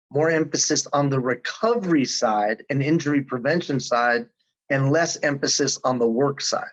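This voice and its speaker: Man in his fifties, dull audio. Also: a little high. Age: 50s. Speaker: guest. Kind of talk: casual interview talk.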